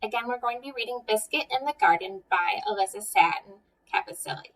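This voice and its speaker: A woman's voice: mid-range voice, brisk, far from the mic, rough recording. A young woman with an American accent, a museum educator giving a friendly children's art lesson and story time, asking the viewer questions.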